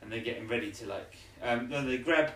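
Young male podcast co-host, casual recap, animated, slips into character voices. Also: mid-range voice, a little fast.

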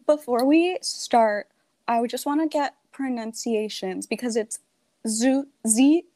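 Young woman co-host, teasing and laughy, bright high-ish voice, dry sound. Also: measured pace, no echo. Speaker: podcast co-host. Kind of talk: casual chat.

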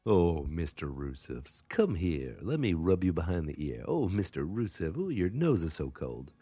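A man voicing a fawning pet owner cooing to a dog. He drawls slowly and lovingly in a very deep, husky voice, recorded dry. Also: very animated, mellow, no echo, exaggerated voice.

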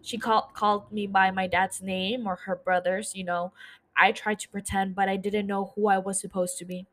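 A grieving middle-aged man talks slowly and tenderly about his mother, as a woman reads his lines in her own everyday voice. The voice sits at an ordinary middle pitch. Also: level tone, a bit bright, lightly acted.

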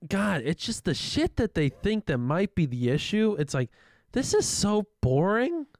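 A young man co-hosting a podcast in casual political chat, animated and profane, often mocking the voices of others. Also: high-pitched, measured pace, no echo, studio quality. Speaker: podcast co-host.

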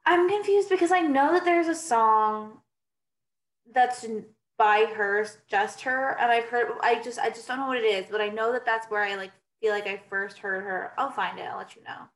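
A woman's voice: fairly high pitch, moderate pace. A young woman in casual chat, rambling with many restarts and reading bits aloud. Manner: rambling, restarts, reads aloud from her phone.

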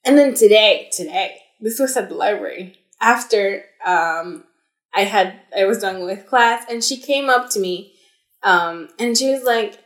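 A woman's voice: mid-range voice, measured pace. A young adult woman co-hosting a podcast, telling stories in casual chat with lots of fillers and restarts. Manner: chatty storytelling with fillers and restarts. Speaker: podcast co-host. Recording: echoey room.

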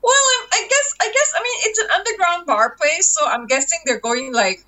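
A woman in casual podcast chat, reacting quickly and restarting sentences as she talks. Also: extremely high pitch, huge pitch swings, bright, forceful tone.

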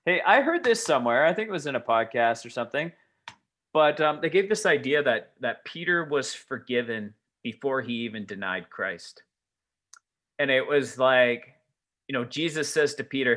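A man's voice: a little high, very animated, normal speed, pushed and bright. A man who used to be a teacher, musing in a rambling casual conversation full of filler words. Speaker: podcast co-host, former teacher.

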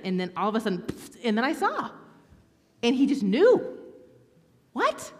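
A woman preaching a sermon from a church stage, telling stories with lively swings between hushed whispers and bright exclaiming. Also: mid-range voice, normal speed, long pauses, big-room sound, faint music behind.

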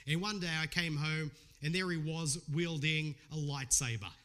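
Middle-aged male pastor, fairly high voice, earnest conversational sermon delivery. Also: fairly even intonation, moderate pace, fairly bright tone. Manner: earnest, conversational preaching with personal stories.

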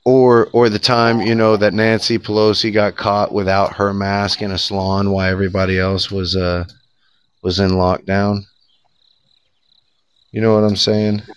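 Low-voiced man ranting with profanity. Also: moderate pace, clear, resonant tone, no room sound. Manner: profane, sarcastic, animated ranting with laughs. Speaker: podcast co-host. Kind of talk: casual political podcast rant.

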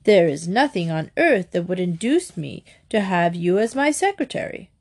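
A woman's voice: fairly low pitch, very animated, moderate pace, darkish tone. A woman playing a vague, airy old earl. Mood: soothing. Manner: airy, dismissive, soothing. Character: vague, resolute elderly English earl.

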